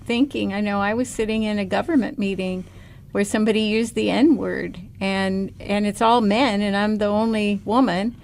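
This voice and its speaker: A woman's voice: medium pitch, steady tone, moderate pace, creaky, darkish tone. An American woman co-hosting a podcast, speaking earnestly and outspokenly in casual discussion. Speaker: podcast co-host.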